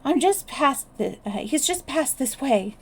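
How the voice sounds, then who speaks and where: A woman voicing a poised young woman speaking quickly and a little breathlessly. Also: medium pitch, animated, vocal fry, darkish tone. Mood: urgent.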